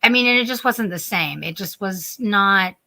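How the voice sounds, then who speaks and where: A woman co-hosting a nerdy chat show, her voice bright and clear. She talks in a rambling, animated way, restarting her sentences as she tells stories. She sounds a little sleepy. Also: medium pitch, normal speed. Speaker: podcast co-host. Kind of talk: casual chat.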